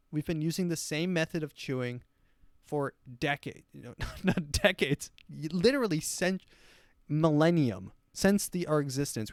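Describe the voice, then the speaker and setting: A man's voice: a little high, dry recording, studio quality. A man hosting his own podcast, rambling through a crude, self-amused comedic monologue. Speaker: podcast host.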